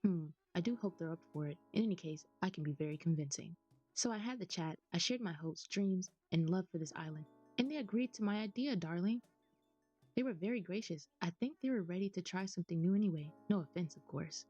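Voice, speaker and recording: A woman's voice: fairly low pitch, lively intonation, a little fast, dark tone, muffled recording, soft background music. An American woman reading aloud the lines of a sweet, theatrical female deer villager in a video game, calling people darling. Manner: affectionate, says darling.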